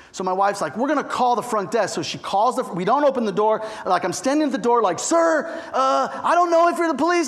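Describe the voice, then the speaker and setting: High-voiced pastor telling a chatty story. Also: male voice. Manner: chatty, animated storytelling with frequent asides to the listeners. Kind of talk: storytelling sermon.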